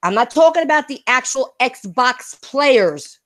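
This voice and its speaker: A woman's voice: high voice, animated, measured pace, fairly bright tone. A woman hosting a casual gaming talk stream, brash and profane, laughing hard and repeating herself. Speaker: streamer and podcast host.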